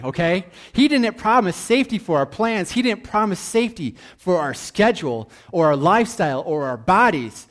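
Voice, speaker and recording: A man preaching a sermon in an animated, joking, conversational way. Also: a little high.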